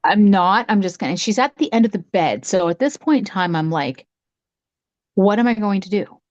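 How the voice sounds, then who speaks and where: A middle-aged woman recounts a ghost story in relaxed conversation, her voice leaping up whenever she acts out what people said. The sound is dry and a bit dull, close to the mic with no room around it. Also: normal speed, no room sound. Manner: animated, acts out quotes with big pitch jumps. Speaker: podcast co-host, psychic. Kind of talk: casual storytelling chat.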